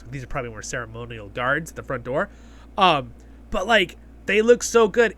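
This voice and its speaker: Bright-voiced excitable man reviewing. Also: on the high side. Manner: excitable, geeky, retells scenes with asides. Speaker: host of a review channel. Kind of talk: casual episode review commentary.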